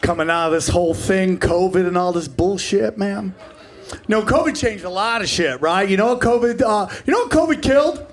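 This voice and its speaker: A man's voice: sits high, expressive, a crowd in the background. Brash, profane man doing stand-up. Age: 40s. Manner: brash, profane, acts out characters in quick bursts. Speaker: stand-up comedian. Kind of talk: stand-up comedy set. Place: comedy club stage before a live audience.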